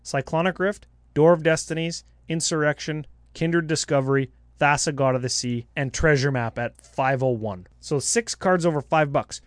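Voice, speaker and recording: A man co-hosting a casual podcast, talking card-game strategy in an animated way with quick jokes. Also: a little high, no room sound, studio quality. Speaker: podcast co-host.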